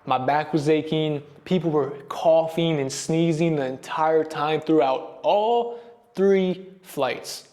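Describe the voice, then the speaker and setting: A man's voice: a little high, slow pace, darkish tone, no room sound. A young American man talking casually to the camera on a solo travel vlog, chatty and enthusiastic about what he sees around him outdoors. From United States. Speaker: travel vlogger. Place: outdoors on a sunny hillside.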